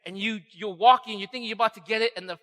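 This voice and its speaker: Male pastor, high bright voice, chatty sermon, keeps asking "right?". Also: very fast. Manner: acts out quoted voices. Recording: long hall reverb.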